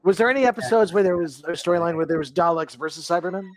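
A man's voice: a little high, very fast, a crowd in the background. A man co-hosting a podcast, chatting casually, teasing the others and asking questions. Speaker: podcast co-host. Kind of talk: casual chat.

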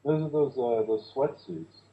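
A man chatting casually about a movie, sharing bits of trivia in a relaxed way. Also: mid-range voice, measured pace. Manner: relaxed, shares trivia, filler-heavy. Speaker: co-host. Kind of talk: casual movie watch-along commentary. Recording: tinny phone-like line with echo.

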